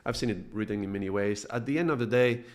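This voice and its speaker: A man from Spain, giving a calm live-streamed spiritual talk as a meditation teacher, with frequent hesitations. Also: lowish voice, quick pace.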